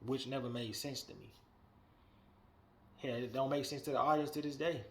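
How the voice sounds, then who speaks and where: A man hosting a wrestling podcast, giving a blunt, profane, animated opinion rant that swings between muttering and loud outbursts. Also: medium pitch, moderate pace.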